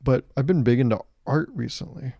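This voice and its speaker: Young man, twenties, solo podcast host, casual rambling, self-mocking jokes, mellow tone, dry sound. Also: mid-range voice, brisk, vocal fry, no echo. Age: 20s. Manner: rambling, joking, self-mocking with acted-out quotes.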